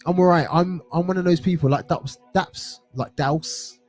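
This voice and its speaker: A young man with a home counties accent talks in a relaxed, rambling way, his voice mellow and dark. Faint music plays underneath as he chats as co-host of a music show. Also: fairly high pitch, moderate pace. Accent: English home counties. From England. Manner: relaxed, chatty, rambling with restarts. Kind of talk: casual chat. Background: music playing.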